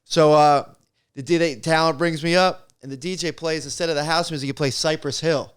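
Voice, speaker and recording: Animated middle-aged man telling stories. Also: fairly high pitch, a little fast, smooth. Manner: animated, acts out voices in his stories. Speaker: stand-up comic, guest. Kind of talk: casual storytelling chat.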